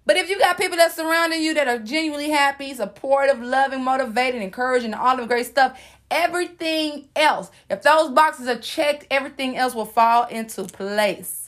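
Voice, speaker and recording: A woman's voice: high voice, moderate pace, a bit bright. A young adult woman hosting a casual advice monologue, sassy and playful, preaching to her listeners in slangy everyday talk. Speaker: host giving life advice.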